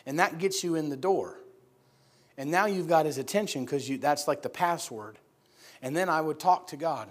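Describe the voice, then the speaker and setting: A middle-aged man from upstate New York delivers a sermon as a lively personal story. His voice sits fairly high for a man. He swings between loud, shouted lines for the people in his story and quiet, hushed passages when things turn serious. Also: moderate pace. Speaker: preacher.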